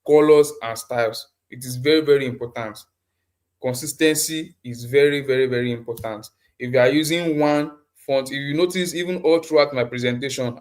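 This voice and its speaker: A man teaching a live online design class over a computer mic, often repeating himself and asking the class questions. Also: mid-range voice. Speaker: design instructor.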